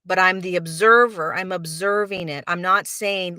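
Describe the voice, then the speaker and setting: Earnest woman with a bright, dry voice. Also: lowish voice, unhurried, no room sound. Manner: earnest, repeats words for emphasis. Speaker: spiritual teacher and podcast host. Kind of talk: reflective podcast monologue.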